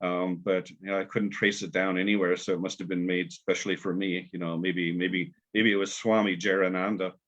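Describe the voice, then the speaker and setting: A poet guest telling stories in a rambling, halting way with many fillers, heard on a video call. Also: male voice, low-pitched, little pitch movement, a bit bright. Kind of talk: casual storytelling and poetry reading. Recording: dull lo-fi video call audio.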